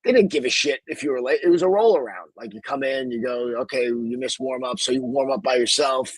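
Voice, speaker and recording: A man's voice: mid-range voice, big pitch swings, a little fast, no echo, low-quality recording. A man hosting a podcast, talking in a rambling, profane, casual way. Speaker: podcast host.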